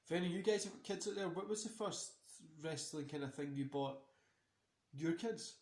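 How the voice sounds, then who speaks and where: A man's voice: a little high, moderate pace, a little mellow. A tired man hosting a casual wrestling watch-along, rambling and swearing freely between many fillers. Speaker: host. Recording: roomy echo.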